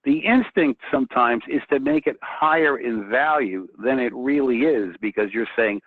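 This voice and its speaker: A man speaking as a guest painter in a casual chat, excitable and often restarting his sentences. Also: mid-range voice, normal speed, hardly any pauses, no room sound. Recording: tinny phone-like line, dry.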